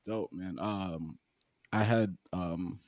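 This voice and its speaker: A man's voice: deep voice, slow, darkish tone, no room sound, studio quality. A man co-hosting a podcast in casual chat, laid-back and joking, swearing freely. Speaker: podcast co-host.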